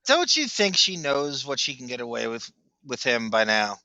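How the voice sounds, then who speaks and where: Male podcast host, sharp bright tone, dry close sound, sarcastic quips. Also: medium pitch, sing-song, normal speed, no echo, dull audio. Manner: sarcastic, joking asides. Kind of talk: casual reaction commentary.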